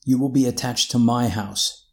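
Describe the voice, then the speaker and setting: A man voicing a gentle fatherly divine master. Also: mid-range voice, fairly even intonation, creaky, natural voice. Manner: gentle, slow and hushed.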